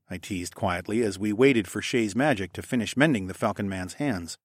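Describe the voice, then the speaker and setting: Man, audiobook narrator, low voice, dry close recording, measured. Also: no echo. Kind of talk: first-person fiction narration.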